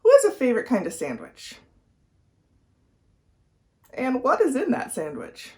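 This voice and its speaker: A woman teacher leading a guided read-aloud for children, with clear, expressive storytelling. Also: sits high, measured pace. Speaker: reading teacher.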